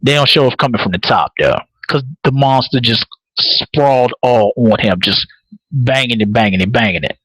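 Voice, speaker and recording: Hosting a live podcast, a man recaps a TV episode with casual, profane storytelling, repeating words as he builds each point and laughing often. His husky voice sits at medium pitch with a moderate pace and an animated manner. The recording is dry and of poor quality.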